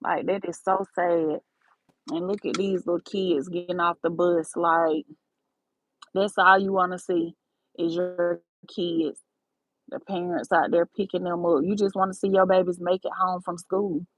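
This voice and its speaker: A woman's voice: on the low side, little pitch movement, measured pace, poor audio. A woman, talking straight to her viewers in a casual livestream, calling them baby and y'all. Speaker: livestream host.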